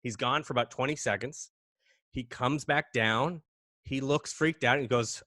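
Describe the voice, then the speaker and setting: Animated man telling a spooky story. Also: medium pitch, normal speed, no echo, studio quality. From Canada. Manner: animated, dramatic, mimics bangs and gasps. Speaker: podcast guest. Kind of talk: casual storytelling.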